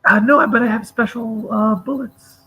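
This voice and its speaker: A man's voice: very high-pitched, steady tone, normal speed, breathy edge, narrow, tinny audio. A man playing a tabletop game, speaking in character in a hesitant way, with many ums and uhs. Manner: hesitant, full of "uh" and "um".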